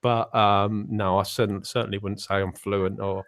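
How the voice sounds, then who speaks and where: A man's voice: lowish voice, little pitch movement, normal speed, a bit bright. A man, chatting casually on a panel call and rambling with lots of fillers. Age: 40s. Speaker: panel guest. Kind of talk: casual chat.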